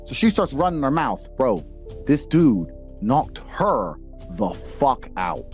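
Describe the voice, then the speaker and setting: A man's voice: medium pitch, big pitch swings, slow, faint music behind. A middle-aged man with an English accent, a former fighter telling stories in casual chat, blunt and profane. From England. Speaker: podcast guest, former kickboxer.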